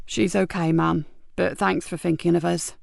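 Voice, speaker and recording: A woman's voice: lowish voice, flat delivery, normal speed, vocal fry, a little mellow, dry recording, clean studio sound. A woman voicing a tired, big male police officer who talks plain and weary.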